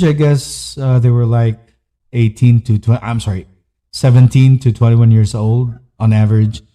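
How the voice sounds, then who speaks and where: A man's voice: medium pitch, mellow. A man hosting a podcast, telling a personal story in an earnest, candid way, with short listed phrases. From Philippines. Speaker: podcast host.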